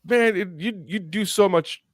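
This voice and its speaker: A man's voice: high voice, a little slow, no room sound, studio quality. A man born in Mexico hosting a podcast interview, talking passionately and rambling with many restarts. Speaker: podcast host. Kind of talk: casual interview chat.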